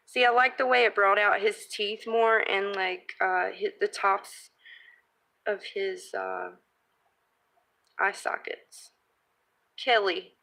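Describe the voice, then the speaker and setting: A woman's voice: mid-range voice, vocal fry, bright, forceful tone. A woman crafting vlogger chatting casually as she works and thinks aloud, reading viewer comments. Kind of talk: casual live-stream crafting chat.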